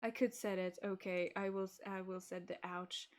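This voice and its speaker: A woman's voice: medium pitch, fairly even intonation, normal speed. A woman VTuber hosting a casual stream, bubbly and scattered, laughing often while fiddling with her stream setup.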